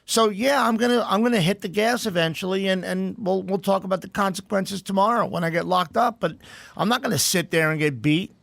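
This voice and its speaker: A man's voice: high voice, a little fast, creaky, a bit bright, no echo. A male podcast guest telling a brash, profane story in casual chat.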